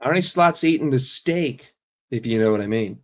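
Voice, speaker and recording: A football fan hosts a casual stream, answering his chat in a sarcastic, foul-mouthed rant. His voice sits at an ordinary middle pitch for a man, and he talks with blunt conviction. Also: expressive, normal speed. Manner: profane, sarcastic, argumentative.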